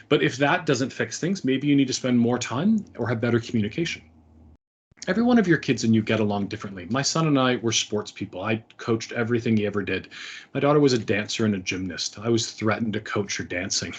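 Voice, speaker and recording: A middle-aged man with a husky, mid-range voice and lively intonation talks quickly to parents. His talk is earnest and conversational, full of fillers and restarts.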